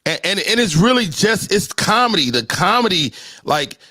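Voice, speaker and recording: A man's voice: high voice, very animated, moderate pace, sharp tone, dry recording, clean studio sound. A man hosting a comedy podcast, joking and teasing his guests in casual banter. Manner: joking, teasing, drops into sing-song lines. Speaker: podcast host.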